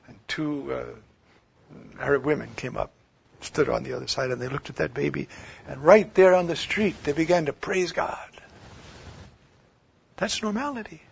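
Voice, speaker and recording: A man preaching a sermon, swinging from loud declaiming to hushed near-whispers. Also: a little high, unhurried, gravelly, pauses often, husky. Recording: dull lo-fi recording.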